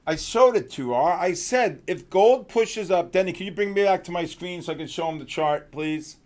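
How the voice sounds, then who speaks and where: A man hosting a live trading stream, talking excitedly about the markets and bantering in exasperation with his crew. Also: sits high, moderate pace. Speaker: trading show host.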